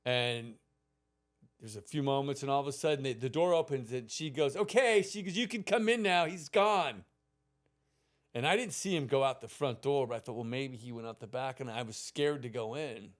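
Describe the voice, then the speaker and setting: A man's voice: medium pitch, fairly quick. A man in his fifties, a podcast host, telling a childhood story in casual, profane chat and acting out the people in it.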